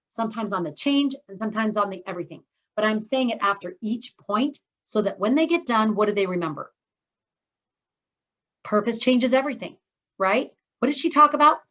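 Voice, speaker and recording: A woman's voice: on the high side, lively intonation, fairly quick, fairly bright tone, muffled recording. Upbeat woman coaching a speaking course. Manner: upbeat, encouraging, talks straight to her students. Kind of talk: teaching a course session.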